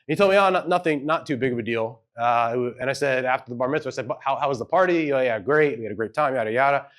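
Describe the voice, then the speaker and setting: Man, live event talk, storytelling, casual, hedging, acts out quotes, mid pitch. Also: fast talker, a bit bright. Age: adult with children. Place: event hall with audience.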